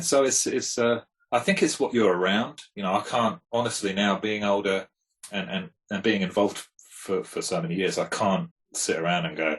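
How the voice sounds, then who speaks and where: A man with a very low, deep voice talks casually. He is laid-back and reflective, and he rambles a little as he thinks aloud. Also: normal speed, low-quality recording. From England. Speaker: guest, hip hop producer. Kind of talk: casual conversation.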